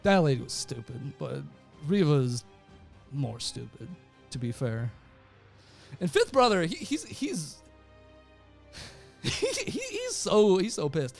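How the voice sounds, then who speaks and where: A young adult man chats casually through a show recap, rambling and stacking fillers. His voice sits high and swings widely, with a little music faintly underneath. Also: sing-song, slow, gravelly, long pauses. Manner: rambling with many fillers and laughs. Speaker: show reviewer.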